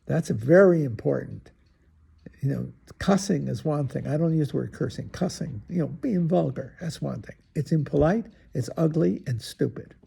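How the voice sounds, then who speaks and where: Gravelly, husky priest in his eighties. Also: a little high, lively intonation, normal speed, dark tone. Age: 80s. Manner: folksy, chatty asides between readings. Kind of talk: informal homily with scripture reading.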